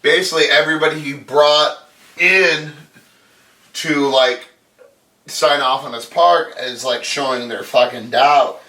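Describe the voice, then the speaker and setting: A man's voice: a little high, measured pace, bright, forceful tone, far from the mic. A man giving a crude, sarcastic comedic recap of a movie, swearing constantly. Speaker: podcast host. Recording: echoey room, off mic.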